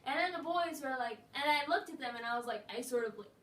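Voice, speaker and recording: High-pitched woman, bright voice, rambling casual story with lots of "like", roomy echo, mic a bit distant, faint background noise. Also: expressive, fast. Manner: rambling, full of "like", acts out quoted voices. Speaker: vlogger.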